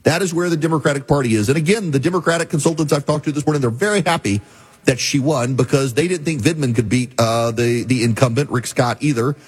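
A man hosting a political talk radio show, talking fast and scornfully with frequent filler restarts. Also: medium pitch, breathy edge. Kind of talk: opinionated political commentary.

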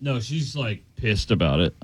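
Co-host guy in the studio throwing in quick yeahs and nopes, bouncy pitch, dry mic. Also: sing-song, breathy edge, dry recording. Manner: short interjections and agreement. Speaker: radio co-host. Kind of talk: call-in radio talk. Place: radio studio.

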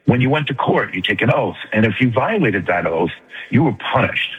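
An older retired man with a New York accent, calling in to a radio show and making his point fast and earnestly. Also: mid-range voice, very animated, slightly rough. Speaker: caller. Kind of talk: call-in radio talk. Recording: tinny phone line with long reverb.

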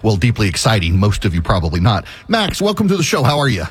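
A man's voice: lowish voice, huge pitch swings, fast talker, breathy edge. A middle-aged man hosting a call-in radio show, slightly out of breath, talking in a rambling way with wry asides. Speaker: radio talk show host.

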